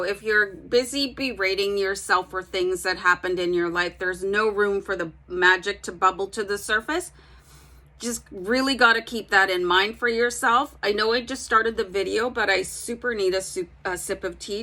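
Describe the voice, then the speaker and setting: A woman's voice: mid-range voice, sharp tone. A woman giving a casual tarot reading, chatting directly to her viewers with plenty of fillers. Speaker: tarot reader.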